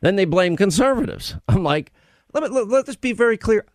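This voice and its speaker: A man's voice: high voice, expressive, fairly quick, no room sound, clean studio sound. A man hosting a talk radio show, speaking emphatically and repeating his points for effect. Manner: emphatic, repeats key phrases.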